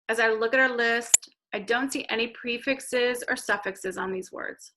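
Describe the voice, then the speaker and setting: Bright-voiced woman teaching phonics. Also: fairly high pitch, low-quality recording. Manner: slow, clear modelling of letter sounds. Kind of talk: recorded reading lesson for children.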